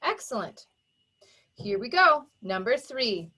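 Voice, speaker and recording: Slow, clear-spoken woman phonics teacher. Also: fairly high pitch, very animated. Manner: sounds words out slowly and emphatically, warm encouraging praise. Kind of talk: slow, exaggerated phonics dictation for young children.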